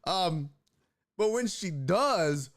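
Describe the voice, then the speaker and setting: Male streamer, fairly high and very lively voice, rambling and profane storyteller. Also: extremely slow. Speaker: sports talk show host. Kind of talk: casual storytelling on a live stream.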